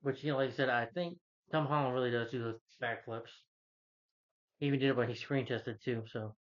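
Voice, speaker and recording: A man giving a casual, rambling movie review, retelling the plot with many fillers and putting on higher voices for the characters. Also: fairly quick, highs cut off. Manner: loose, filler-heavy retelling that jumps up in pitch for quoted characters.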